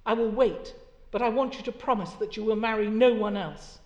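A woman reading aloud the part of a lovestruck young doctor, pleading loudly and fervently, in an echoey lecture hall. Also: medium pitch, moderate pace, lo-fi sound, lightly acted. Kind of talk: dramatic reading from a novel.

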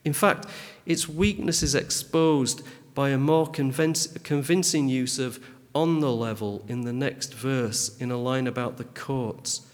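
Measured man reading with long reverb. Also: medium pitch. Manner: measured, dry, pedantic. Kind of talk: reading a literary critique aloud.

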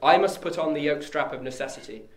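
A man giving a measured, solemn dramatic verse reading. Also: fairly high pitch. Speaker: reader. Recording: echoey room.

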